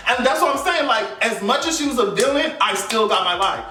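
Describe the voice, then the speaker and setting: A man's voice: very high-pitched, expressive, normal speed, hardly any pauses, bright, forceful tone, distant mic, faint music behind. A man delivering a heated, emphatic and profane fan rant as a vlogger. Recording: echoey room, voice off mic.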